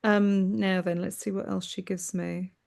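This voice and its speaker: A woman medium on a video call, giving a live reading in a gentle, affectionate way. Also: mid-range voice, little pitch movement, measured pace, gravelly. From United Kingdom. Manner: gentle, affectionate, often says "my darling" and "that's what I'm aware of".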